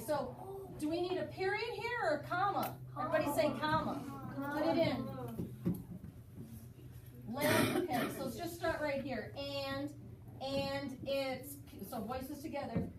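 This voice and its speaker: A woman teaching a fourth-grade class, guiding students through writing with frequent encouragement. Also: high-pitched. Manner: encouraging, praising students often. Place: school classroom. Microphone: recorded from across the room. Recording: echoey classroom from far off with noise.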